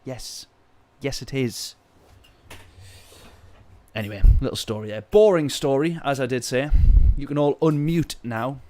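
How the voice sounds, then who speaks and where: A man's voice: medium pitch, animated, a little slow. Exasperated man ranting on a stream. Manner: ranting, exasperated storytelling with sudden loud outbursts. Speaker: sim-racing streamer. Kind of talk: casual live-stream chat.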